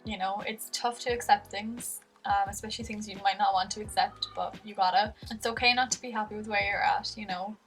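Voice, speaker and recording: A woman's voice: mid-range voice, steady tone, brisk, few pauses, recorded from a distance, rough recording. A young woman with an Irish accent talking candidly to camera in a rambling, casual vlog, with lots of fillers. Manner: rambling and candid, many fillers, soft laughs. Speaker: vlogger. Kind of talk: casual confessional talk to camera. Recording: music faintly behind, voice a bit off-mic.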